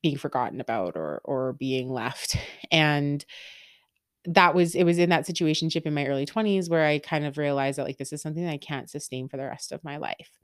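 A woman's voice: low voice, steady tone, brisk, clean tone, no echo, studio quality. A woman in her thirties hosting a podcast, talking openly and rambling in a candid personal monologue. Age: 30s. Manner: open, rambling, lots of fillers and laughs. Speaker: podcast host.

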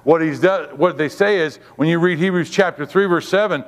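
A man's voice: a little high, a little fast, long reverb tail. A man giving a sermon as a guest preacher, fervent and repetitive, calling on the congregation to respond. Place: church.

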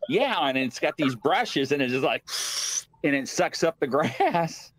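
A man's voice: on the high side, animated, measured pace. A man hosting a casual live stream, rambling through stories, laughing and swearing often. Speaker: host.

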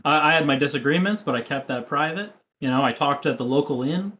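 A man's voice: fairly high pitch, fast talker, pushed and bright, slight background noise. A young man co-hosting a podcast, chatting in an easygoing, mildly defensive way. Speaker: podcast co-host. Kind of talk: casual chat.

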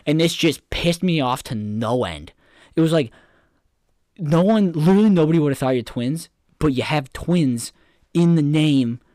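A man's voice: on the high side, animated, moderate pace, dark tone, dry recording, studio quality. A young man co-hosting a podcast in casual chat, rambling and swearing, getting worked up as he rants. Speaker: podcast co-host.

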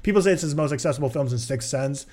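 A man's voice: a little high, expressive, fast talker, dark tone. A young man, a podcast co-host, chatting casually and rambling through his film opinions with frequent restarts. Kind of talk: casual chat.

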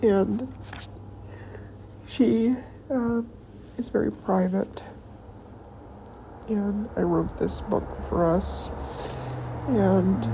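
A woman hosting a podcast, talking in a rambling, halting personal monologue while tearful and emotional. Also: medium pitch, fairly even intonation, dark tone, slight background noise, low-quality recording. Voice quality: halting, hesitant delivery with pauses. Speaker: podcast host.

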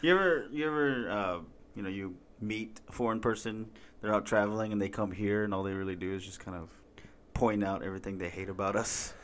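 A male podcast co-host trades casual banter, dropping dry joking asides. His fairly low voice has a fairly bright tone and fairly even intonation, and he speaks a little fast.

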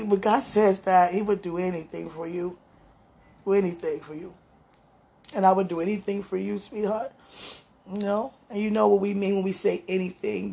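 A woman's voice: fairly low pitch, vocal fry, darkish tone, breathy edge. A woman speaking tenderly to her viewers in an emotional spiritual monologue, as if talking with God.

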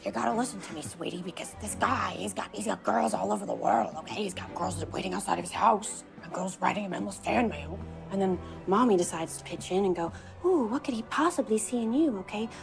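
A woman's voice: medium pitch, a little fast, creaky, hardly any pauses. An earnest teenage girl in a film clip. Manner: earnest, recounting quoted talk. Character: teenage girl confiding in her older boyfriend. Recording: film clip with music behind.

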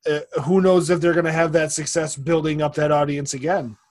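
Brief: male podcast co-host, slightly high voice, jokey and profane. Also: steady tone, brisk. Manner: joking, profane banter. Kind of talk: casual chat.

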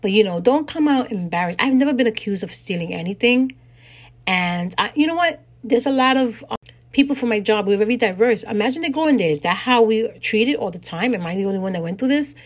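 A woman's voice: fairly high pitch, animated, brisk. A middle-aged woman hosting a podcast, telling a personal story in a casual, indignant way and laughing often. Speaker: podcast host.

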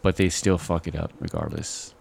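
A man's voice: low-pitched, sing-song, moderate pace, gravelly, a little mellow, breathy edge. A man co-hosting a podcast in casual chat, rambling with lots of "you know" and "right?", now and then mimicking call-center agents in exaggerated voices. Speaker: podcast co-host.

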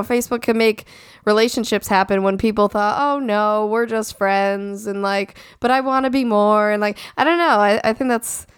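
A woman's voice: mid-range voice, clear, resonant tone, no room sound, clean studio sound. A woman in casual conversation, musing and talking ideas through. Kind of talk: casual chat.

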